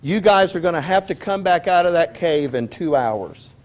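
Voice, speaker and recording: A man's voice: sits high, lively intonation, moderate pace. A man preaching a sermon in a conversational, joking way, often asking his listeners questions. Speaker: pastor.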